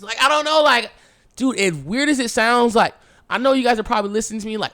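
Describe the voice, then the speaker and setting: A man's voice: very high voice, brisk. A young man hosting a podcast, telling a personal story in casual, slangy speech with lots of swearing and acted-out dialogue. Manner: animated, swearing, slangy, acts out past dialogue. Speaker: podcast host.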